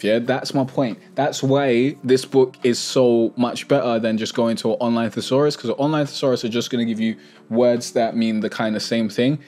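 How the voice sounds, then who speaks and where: A young man hosting a music tutorial, explaining in a relaxed, chatty way and correcting himself as he goes. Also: mid-range voice. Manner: relaxed, chatty, self-correcting, plugs own products.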